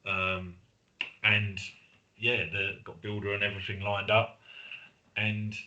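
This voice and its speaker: A middle-aged Englishman with a low, very bright and forceful voice, talking casually as a podcast co-host. He rambles through stories and acts out what friends said to him. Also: little pitch movement, takes it slowly, highs cut off, a little hiss or hum. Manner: chatty storyteller, acts out quoted friends. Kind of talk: casual chat.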